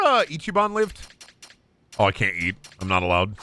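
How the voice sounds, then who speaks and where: Loud goofy male streamer. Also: on the low side, huge pitch swings, normal speed, a little hiss or hum. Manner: loud, goofy, swearing, bursts into yelling. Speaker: streamer playing a video game. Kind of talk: live game commentary. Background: game music.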